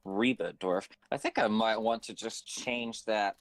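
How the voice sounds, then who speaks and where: A man's voice: on the low side, steady tone, measured pace, dry recording, low-quality recording. A man directing a voice actor, talking casually on his phone, rambling and hesitant with many fillers. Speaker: writer and director.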